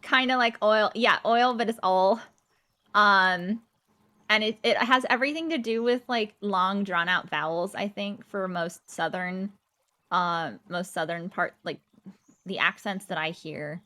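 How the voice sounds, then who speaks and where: A woman's voice: mid-range voice, a little slow, pushed and bright. A woman streamer from the US South with a generic American accent with a slight Midwest hint, chatting casually with her viewers and laughing often. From Georgia, US South. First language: not English. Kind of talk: casual chat with live chat.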